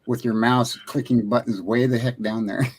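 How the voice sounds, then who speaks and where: A man's voice: mid-range voice, steady tone, normal speed, darkish tone, slight background noise. A man joining a live-stream chat, jokey and chuckling.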